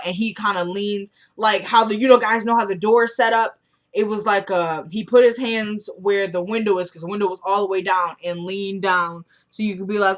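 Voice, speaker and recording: A woman's voice: medium pitch, steady tone, moderate pace. A woman casually recapping a TV drama episode, animatedly acting out the characters' lines as she tells it. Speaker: TV episode reviewer.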